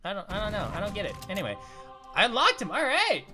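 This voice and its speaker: Speaking fast at a medium pitch, a performer voices a cheerful young male cartoon grape narrating a video game let's play. He's excitable and jokey, crying out at close calls, with faint music underneath.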